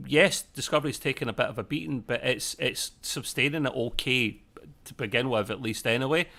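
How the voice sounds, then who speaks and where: Man, casual live co-host, rambling, self-correcting, joking asides, medium pitch. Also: sharp tone. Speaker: podcast co-host. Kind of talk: casual live episode discussion.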